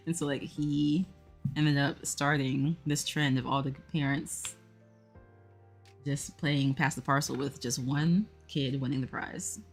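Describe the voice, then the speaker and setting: A woman's voice: low-pitched, steady tone, measured pace, soft background music. A woman hosting a puzzle livestream, chatting casually and rambling with lots of fillers while she talks to her viewers. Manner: talks to chat while working a jigsaw.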